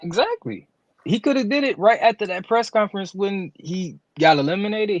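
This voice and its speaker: Lively man on a dull podcast mic. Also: fairly quick, no echo. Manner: playful, teasing, swings between high and low tones. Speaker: podcast co-host. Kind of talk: casual wrestling reaction chat.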